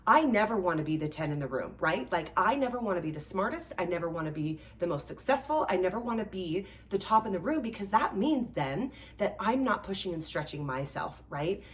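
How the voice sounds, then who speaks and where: Woman coach hosting her own show, lowish voice, kinda far from the mic, super chatty, says like and right a lot. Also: brisk, few pauses. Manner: animated, chatty, peppered with "like" and "right?". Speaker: host and life coach. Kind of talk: motivational talk. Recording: voice a bit distant from the mic.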